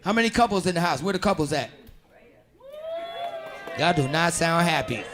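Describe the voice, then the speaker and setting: A man doing stand-up comedy, loud and animated, talking with the audience and putting on voices for characters. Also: fairly high pitch, moderate pace, music in the background, crowd noise. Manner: talks with the audience, asks them questions. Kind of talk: stand-up crowd work. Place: comedy club stage. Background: audience laughing.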